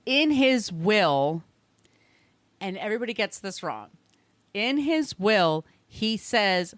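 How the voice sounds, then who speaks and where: A woman's voice: medium pitch, very animated, takes it slowly, no room sound. A woman hosting a podcast, telling a history story in a rambling, conversational way, with restarts and the odd swear. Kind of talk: casual storytelling chat.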